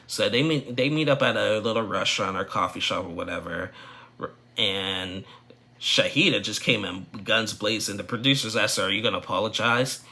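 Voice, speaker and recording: A man's voice: fairly low pitch, moderate pace, pushed and bright. A man giving a casual, opinionated recap of a reality show, rambling with frequent restarts.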